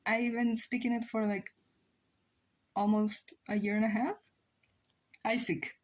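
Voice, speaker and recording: A young woman, a native Spanish speaker, livestreams while drawing and chats casually as she reads chat messages aloud. Her voice sits fairly high and is a little mellow, with a flat, unhurried delivery. She pokes fun at herself, saying "um" and laughing often.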